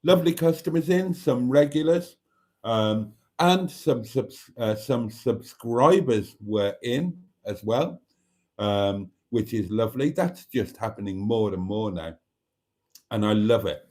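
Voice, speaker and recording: A man's voice: mid-range voice, slow pace, a little mellow. Male live-stream host, casual and chatty, reads comments aloud.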